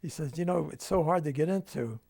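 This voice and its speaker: A man's voice: on the high side, fairly quick, gravelly, dark tone, husky. An older man with a New Jersey accent, telling family stories in an oral history interview at home and acting out the dialogue. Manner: storytelling, acts out quoted dialogue.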